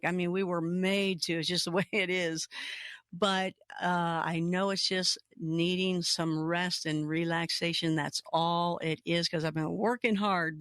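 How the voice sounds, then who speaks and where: A woman hosting a radio talk show, a little hoarse, chatty and upbeat, laughing between words. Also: lowish voice, a bit bright, no echo, clean studio sound. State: slightly hoarse. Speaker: radio host.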